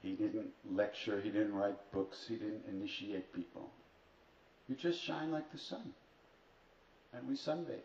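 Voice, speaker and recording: Speaking a little slowly in a fairly low, slightly mellow voice, a spiritual teacher at a retreat shares humorous stories with wry, dry asides and self-deprecating humor. There's slight background noise. The live recording from the retreat hall is roomy, distant and dull, with faint ambience.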